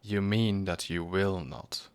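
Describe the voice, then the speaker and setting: A man voicing an irritable, agitated male professor in a storybook reading, speaking in a high, sharp, insistent voice. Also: slow, clear, resonant tone.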